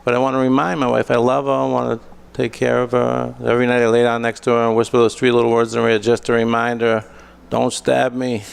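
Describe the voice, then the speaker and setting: Gravelly-voiced middle-aged male comedian. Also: medium pitch, monotone, fast. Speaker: comedy show host. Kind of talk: stand-up storytelling.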